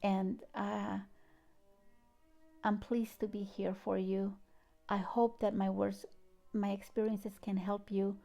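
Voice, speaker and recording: A woman with a foreign accent giving a gentle, heartfelt inspirational talk and reading a poem, with soft hushed asides. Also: medium pitch, level tone, slow pace, vocal fry, pauses often, faint music behind. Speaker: spiritual channel host.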